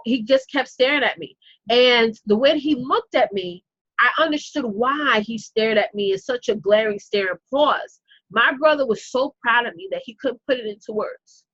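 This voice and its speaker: A woman's voice: on the high side, a bit bright, no room sound. Impassioned woman coach, dry lo-fi sound. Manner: impassioned and preachy, repeating phrases for emphasis; talks straight to her audience as y'all and ladies. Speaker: business coach. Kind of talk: motivational live-stream talk. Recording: dull lo-fi recording.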